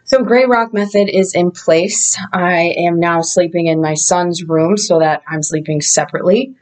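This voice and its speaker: A woman's voice: lowish voice, moderate pace, darkish tone. A woman vlogger telling her own story in a candid, reflective way, with loose casual phrasing. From Indiana. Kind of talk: casual first-person storytelling.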